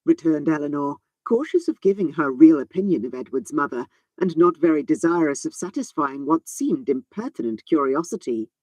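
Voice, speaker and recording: A woman audiobook narrator giving a measured, unhurried reading of a classic novel, phrasing long sentences precisely. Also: low voice, lively intonation, a little mellow, no echo.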